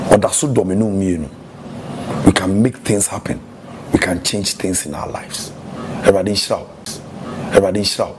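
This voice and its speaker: A man's voice: deep voice, background noise. A man with a Ghanaian accent preaching a fervent sermon as a pastor, moving between English and Twi.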